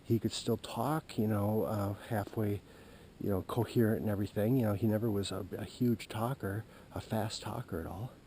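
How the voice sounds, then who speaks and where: A man telling a hunting story as he walks a forest trail at dusk, recorded on a handheld camera, halting and folksy with lots of fillers. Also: on the low side, fairly even intonation, mellow, a little hiss or hum, rough recording. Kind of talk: rambling walk-and-talk vlog. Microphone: handheld camera while walking.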